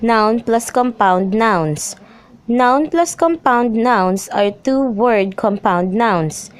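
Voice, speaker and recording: A young woman reading a lesson script aloud, slowly and evenly, through rules and example phrases. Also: a little high, lively intonation, clear, resonant tone. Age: young adult. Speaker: student presenter.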